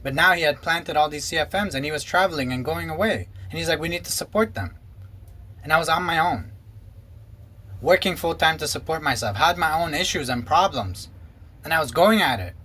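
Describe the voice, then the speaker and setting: A man's voice: brisk, bright, forceful tone. A man, a former pastor, giving an earnest and emotional personal testimony. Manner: earnest, emotional, quotes others in lowered voice. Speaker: former pastor and ministry co-founder.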